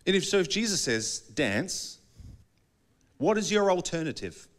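A man's voice: sits high, big pitch swings, measured pace. A male pastor preaching a sermon in a conversational way, often acting out small dialogues.

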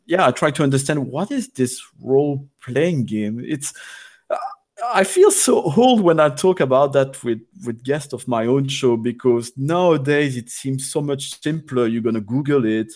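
A man from Belgium, a guest on a podcast, talking casually and often pausing to search for words. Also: medium pitch, a little mellow. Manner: hesitant, searching for words with many fillers. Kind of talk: casual chat.

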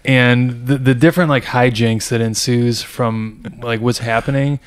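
A man's voice: medium pitch, fairly even intonation, measured pace, smooth. A man co-hosting a podcast, telling a story in casual chat with lots of "like" and "you know". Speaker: podcast co-host.

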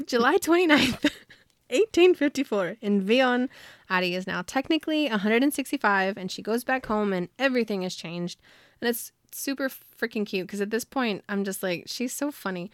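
A woman with a mid-range voice talks at normal speed in clean, echo-free studio sound. As a podcast co-host, she casually recaps a novel's plot, chatty and giggly, saying "like" constantly.

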